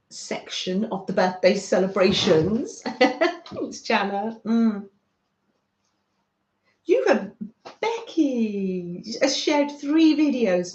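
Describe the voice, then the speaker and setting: A woman's voice: mid-range voice, a little mellow, reverberant, rough recording. A British woman hosting a casual craft livestream, chatting and reading out viewer comments with frequent laughs.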